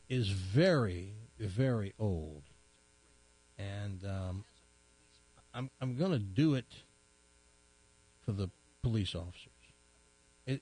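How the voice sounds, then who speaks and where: A man's voice: on the low side, darkish tone, breathy edge. A male host chatting and telling an old joke, rambling with many restarts. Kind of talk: comedic chat and joke telling.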